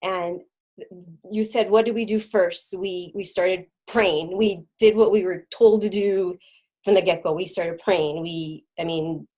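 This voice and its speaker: A middle-aged woman speaks as a guest, recounting her own experience in a halting way. She fills gaps with ums and restarts her sentences, and her voice sinks almost to a whisper at the hardest parts. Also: fairly low pitch, steady tone, darkish tone, rough recording. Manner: halting, many fillers and restarts, drops to a near whisper at hard moments. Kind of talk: personal testimony in an interview.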